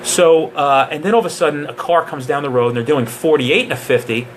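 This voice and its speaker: A man's voice: on the high side, a little fast, slight background noise. A man who trains police officers, giving a casual live question-and-answer session with jokes and digressions.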